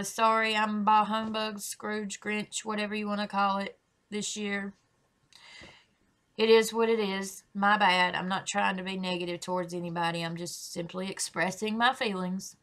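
A woman's voice: mid-range voice, a bit bright. A woman hosting a reaction video. She speaks candidly to her viewers, swears freely and apologizes often. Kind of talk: casual reaction chat.

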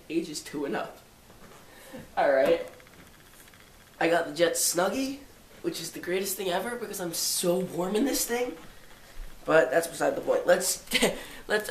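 A 17-year-old boy with a stuffy nose vlogs casually at home beside a tall Christmas tree in the living room, rambling and making jokey, self-mocking asides for his holiday vlog. His voice is a little high, recorded from a distance in an echoey room with slight background noise.

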